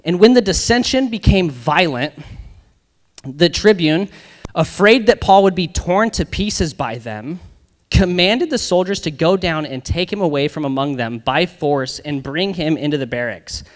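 A young man preaches to a youth group in a relaxed, chatty way, dropping slangy asides as he goes. His voice sits a little high for a man. The sound carries the long reverb of a church hall. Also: a little slow. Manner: casual and conversational, slangy asides. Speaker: youth pastor.

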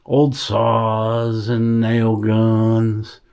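A man's voice: lowish voice, monotone, drawn-out words, vocal fry, a little mellow, clean tone. Easygoing man vlogging outdoors. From American South. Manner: easygoing, folksy, talks to animals. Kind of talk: casual vlog narration. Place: outdoors on a rural property.

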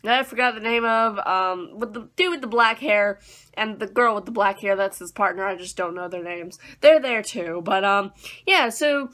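A woman's voice: medium pitch, moderate pace, a bit bright. A young woman chatting casually through an anime episode review, rambling and acting out her own reactions.

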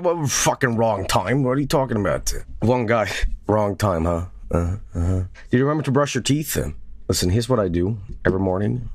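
A man streaming a game, joking and swearing with excitable commentary. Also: lowish voice, normal speed, no room sound. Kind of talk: casual live-stream commentary.

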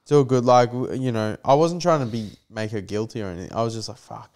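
Young man, smooth voice. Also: mid-range voice, fast, darkish tone. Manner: swearing, storytelling with acted-out quotes. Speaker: podcast co-host. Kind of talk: casual chat.

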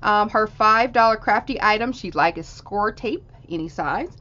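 A woman's voice: medium pitch, animated, normal speed, bright, forceful tone. A woman hosting a crafting channel, gushing in casual show-and-tell as she unboxes handmade cards. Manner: gushing, exclaims and swoops up in delight. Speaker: crafting channel host unboxing a card swap. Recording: dull lo-fi sound with faint hiss.

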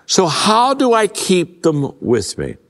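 An older man giving a conversational leadership talk to a live audience, a folksy storyteller who restarts his sentences often and drops his voice low to stress a point. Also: huge pitch swings, slow pace, fairly bright tone. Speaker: leadership speaker. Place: large event hall. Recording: long hall reverb.

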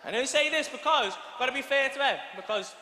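A man's voice: very high-pitched, quick pace, pushed and bright. A man with a Liverpool accent performing crude, rowdy live stand-up comedy in a large arena. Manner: crude, rowdy, swearing storyteller. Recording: echoey arena with audience noise.

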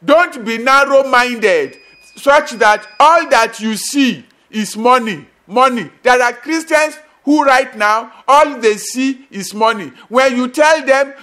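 A middle-aged pastor delivers a sermon in an unusually high voice. He preaches at a slow, deliberate pace, hammering points through repetition, with sudden bursts and drops. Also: expressive, sharp tone.

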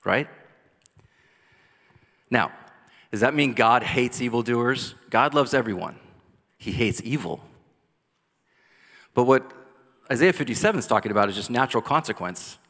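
A man preaching a sermon as pastor, rising to intense cries and dropping to soft, quiet lines. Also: medium pitch, lively intonation, measured pace, pauses often. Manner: passionate preaching, builds to loud cries then drops soft. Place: church sanctuary. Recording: long church hall reverb.

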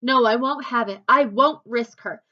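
A woman's voice: fairly high pitch, moderate pace, highs cut off, natural voice. A woman voicing a frightened, fiercely protective mother yeti in a storybook reading, speaking urgently. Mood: desperate. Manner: pleading, urgent.

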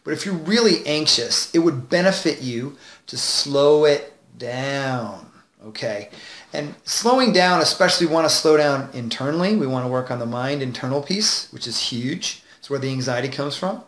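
A man as a confidence coach, giving advice straight to camera with clear enunciation, shifting tonality and deliberate pauses. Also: fairly high pitch, animated, fairly bright tone, echoey room. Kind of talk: direct-to-camera advice video.

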